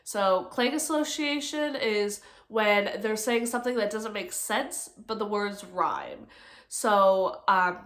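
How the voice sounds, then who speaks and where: A young woman going over nursing study notes in a halting, casual way, full of ums and likes. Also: mid-range voice, a bit bright. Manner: halting, many ums and likes, self-correcting. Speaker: nursing student presenter. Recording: echoey room.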